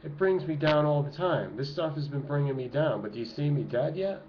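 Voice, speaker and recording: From his home, with children nearby, a middle-aged activist vlogger preaches to his viewers in an emotional, urgent, impassioned monologue. His voice is a little high, expressive and fairly quick. The home recording is dull, lo-fi and noisy.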